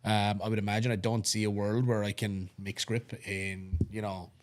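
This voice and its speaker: A young Irish man co-hosting a sports podcast, talking in a relaxed, rambling way and often restarting his sentences. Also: on the low side, normal speed. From Ireland. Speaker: podcast co-host and strongman competitor. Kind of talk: casual chat.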